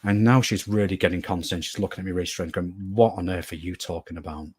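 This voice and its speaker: Low, husky-voiced man telling a story. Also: quick pace, darkish tone. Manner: earnest, rambling, repeats phrases for emphasis. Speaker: guest medium. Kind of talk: interview storytelling.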